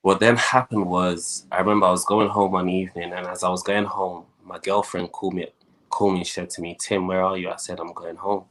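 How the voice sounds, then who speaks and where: A young man, a guest, telling his life story in a lively way and acting out the voices of the people in it. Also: low-pitched, a little fast. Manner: animated storyteller, acts out quoted voices.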